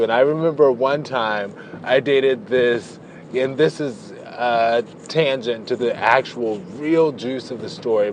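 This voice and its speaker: A man's voice: mid-range voice, a little mellow, slight background noise. A man vlogging, telling a personal story in a chatty, playful way, drifting into tangents and stretching out words for emphasis. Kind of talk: casual storytelling to camera.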